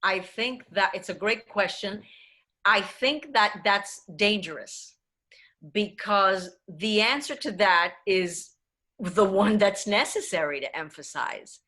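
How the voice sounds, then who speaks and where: A woman's voice: mid-range voice, takes it slowly, pushed and bright. Woman coaching diction on a call. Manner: switches between English and Spanish, emphatic. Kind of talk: online workshop Q&A answer. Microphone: video call.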